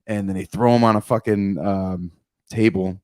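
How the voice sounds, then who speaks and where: A man co-hosting a podcast, telling a film scene with lively, swear-filled storytelling. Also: fairly low pitch, normal speed, dry recording. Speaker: podcast co-host. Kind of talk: casual podcast chat.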